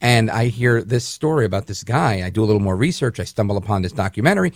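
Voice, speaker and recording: Speaking low, animated and fast, a man of Puerto Rican background raised in the northern US hosts a syndicated talk radio program. He rants indignantly and rambles, restarting often. The sound is clean studio audio with no room noise.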